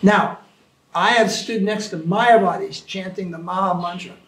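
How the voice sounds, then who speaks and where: High-voiced man teaching in an echoey room. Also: moderate pace, far from the mic. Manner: animated storytelling, mimics chanting. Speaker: spiritual teacher answering questions. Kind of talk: informal Q&A talk.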